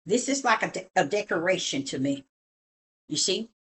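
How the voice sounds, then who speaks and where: A middle-aged woman who is a prophetess shows things around her home in a casual show-and-tell, speaking emphatically and preachily and often asking "you see?". Her voice is on the low side, with lively intonation at a moderate pace.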